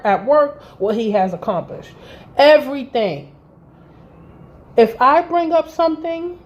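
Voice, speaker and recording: A woman's voice: mid-range voice, a little mellow. A woman in her thirties telling a personal story in a blunt, profane, exasperated way to her vlog audience. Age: 30s. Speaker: vlogger. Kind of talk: candid storytime vent. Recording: dull lo-fi recording with faint noise.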